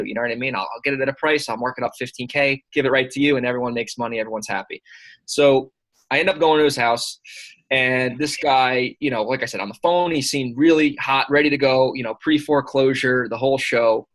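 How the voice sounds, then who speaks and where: Guy in his early 20s telling a story, quick little asides, easygoing and animated. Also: mid-range voice, low-quality recording. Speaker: guest, sales coach. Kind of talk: casual storytelling.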